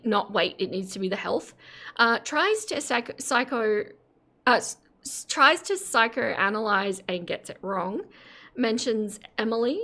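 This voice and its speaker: A woman's voice: on the high side, a bit bright. Woman host for live stream commentary; casual, giggly, self-deprecating. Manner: chatty, giggly, self-mocking asides.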